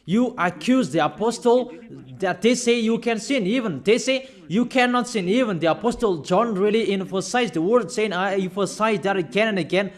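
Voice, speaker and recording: A male preacher delivering a sermon in a fairly high voice. He talks insistently, going back over his points and pressing his warnings on the listeners.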